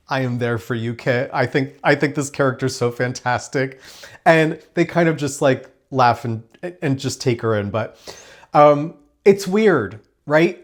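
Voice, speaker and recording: A man hosting a casual spoiler review of a crime drama, talking in a chatty, enthusiastic way with rambling asides. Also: mid-range voice. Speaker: TV review host.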